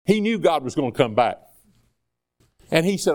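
A man's voice: on the high side, sing-song, a little fast, long pauses, darkish tone. A man preaching a sermon in a conversational way, acting out dialogue between people and God. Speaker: pastor.

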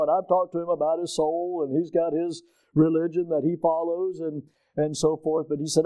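A middle-aged male pastor preaches with a mellow voice pitched a little high. He presses his points, asks the congregation questions, and surges loud when he drives a point home. The sound is close and dry. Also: flat delivery, moderate pace, dry recording, dull audio. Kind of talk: preaching a sermon.

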